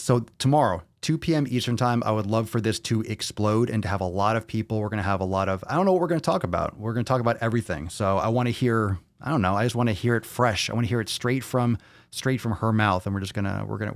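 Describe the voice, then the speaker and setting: A lower-voiced man hosts a loose livestream fitness Q&A. He talks bluntly and swears freely, all off-the-cuff, into a close, dry mic. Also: gravelly, no room sound. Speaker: fitness podcast host. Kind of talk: casual livestream Q&A.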